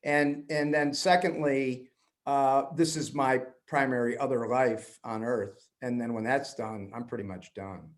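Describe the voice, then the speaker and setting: A man's voice: medium pitch, a little slow. A man as a podcast guest, telling a long personal story and acting out the voices of the people in it. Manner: animated storyteller, acts out quoted voices. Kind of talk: storytelling in conversation.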